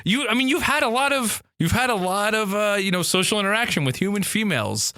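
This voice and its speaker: Goofy guy on a comedy podcast, bright bouncy voice, dry close mic. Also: high voice, lively intonation, fast talker, dry recording. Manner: goofy, playing dim and rambling. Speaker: podcast co-host.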